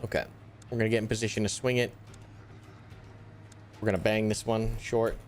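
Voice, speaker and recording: A young man giving live commentary on a tactical shooter, animated and easily exasperated, groaning and swearing at setbacks. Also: fairly low pitch, brisk, slight background noise. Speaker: gaming YouTuber.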